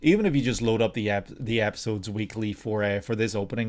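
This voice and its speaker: A man's voice: lowish voice, quick pace. A man hosting a reaction video, thinking aloud in casual commentary with frequent hesitations.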